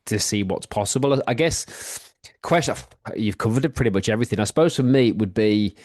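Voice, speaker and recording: A podcast host with a low voice, chatting in a casual interview. He chimes in with quick affirmations and winds his way through loose, rambling questions, recorded close and dry. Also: darkish tone, dry recording.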